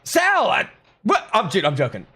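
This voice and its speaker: A young man hosts a live stream, reading comments and joking sarcastically with his chat. His voice sits high and swings widely, tripping over restarts as he talks. Soft music plays faintly under him. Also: huge pitch swings, moderate pace, breathy edge.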